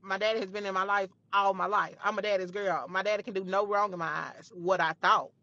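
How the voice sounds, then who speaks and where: A woman's voice: mid-range voice, steady tone, fairly quick, sharp tone, no echo, muffled recording. A young woman telling a story from her own life, emphatic and profane, often repeating her phrases. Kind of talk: storytime retelling.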